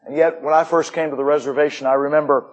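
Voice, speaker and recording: Middle-aged preacher guy, bit husky, folksy church update with little jokes. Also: on the high side, level tone, quick pace, highs cut off. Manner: folksy, joking asides. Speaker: missionary preacher. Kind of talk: missionary report to a church.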